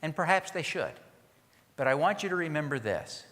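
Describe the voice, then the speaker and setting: A man's voice: a little high, animated, normal speed, fairly bright tone. A man giving a conference keynote, earnest and rousing as he leads the audience in a pledge. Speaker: keynote speaker. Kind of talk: conference speech. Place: large conference hall. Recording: reverberant conference hall.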